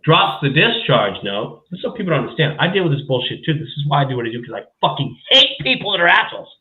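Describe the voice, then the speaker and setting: His voice runs a little high and fast as this podcast host, a man, tells a profane story in a casual chat, acting out others' words with lively energy. The audio sounds roomy, narrow and tinny.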